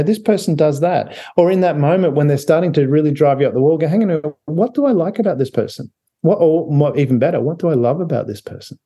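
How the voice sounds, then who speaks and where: A man's voice: a little high, mellow, husky. A man speaking as an author guest on a podcast, chatty, often laughing and restarting his sentences. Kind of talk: casual interview talk.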